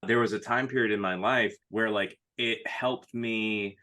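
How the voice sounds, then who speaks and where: A man with a lowish voice and a bright, forceful edge hosts a loose chat. He rambles through his stories and laughs at his own past. The delivery stays casual and conversational. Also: steady tone, a little slow. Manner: self-deprecating, rambling. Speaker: host.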